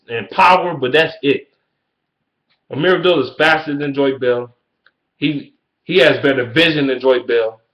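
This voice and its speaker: A man's voice: mid-range voice, a bit bright. A man in a fired-up, profanity-heavy rant about his football team, repeating his points and swearing constantly. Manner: heated, repetitive, swearing constantly. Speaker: sports fan ranting about his team. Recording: echoey room.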